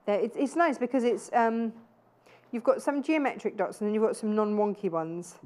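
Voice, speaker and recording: A woman's voice: a little high, normal speed, darkish tone. A woman in her thirties presenting live TV sales in a chatty, gushing way with self-deprecating asides. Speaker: shopping channel presenter. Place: TV studio.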